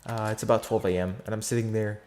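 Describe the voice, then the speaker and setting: A man's voice: fairly low pitch, steady tone, fast talker, a little mellow, slight background noise. A fourteen-year-old boy telling a story in a casual vlog, rambling with lots of fillers, slang and restarts. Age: teenager, fourteen.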